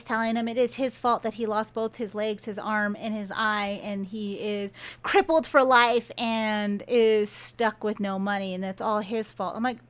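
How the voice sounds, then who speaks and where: A woman's voice: a little high, fairly bright tone. Sarcastic chatty woman book reviewer. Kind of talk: casual rant review.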